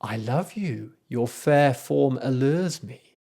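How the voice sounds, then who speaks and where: A man voicing a sinister, charming male forest spirit who coaxes a child slowly and sweetly. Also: medium pitch, expressive, vocal fry, warm tone, exaggerated voice. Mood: coaxing.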